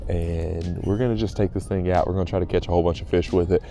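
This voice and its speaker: A man chatting casually and excitedly to viewers outdoors by a pond while fishing. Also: low-pitched, fast. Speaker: fishing vlogger. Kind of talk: casual on-the-water vlog chat.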